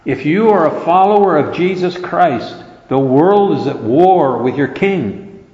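A man's voice: a little high, expressive, measured pace. A man preaching a sermon, earnest and emphatic, quoting scripture throughout. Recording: roomy, dull lo-fi hall recording.

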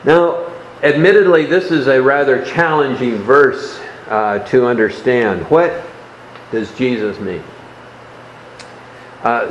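A man preaching a sermon, explaining a Bible passage in a measured way and dropping his voice softly on key words. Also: mid-range voice, echoey room, slight background noise, poor audio.

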